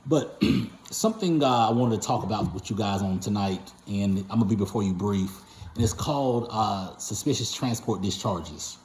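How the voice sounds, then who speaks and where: A man's voice: fairly low pitch, normal speed, a little mellow, slight background noise. Rambling man in a roomy echo. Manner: rambling, with frequent fillers and self-corrections. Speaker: owner of a patient transport company, channel host. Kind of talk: casual storytelling to camera.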